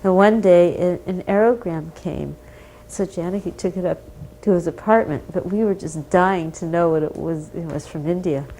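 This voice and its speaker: A woman's voice: lowish voice, normal speed, warm tone, poor audio. A woman recalling old memories in a chatty, casual storytelling way, full of "you know" and "like".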